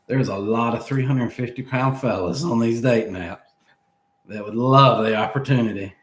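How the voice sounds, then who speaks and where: A man's voice: mid-range voice, moderate pace, roomy sound. A man in his thirties telling a long story in casual chat, laughing as he goes and acting out what people said. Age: 30s. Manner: animated, laughing between lines, acts out quoted speech.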